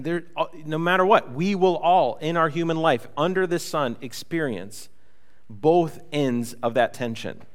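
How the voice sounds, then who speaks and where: A man's voice: a little high, in a large hall. A man preaching a sermon as pastor, conversational and joking, with many fillers and restarts. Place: church hall.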